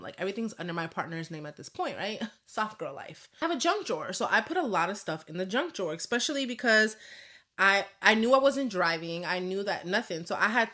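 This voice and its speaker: A woman's voice: lowish voice, sharp tone. A woman in her thirties chatting casually and candidly, swearing freely as she tells a personal story in a vlog. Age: 30s. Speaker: vlogger.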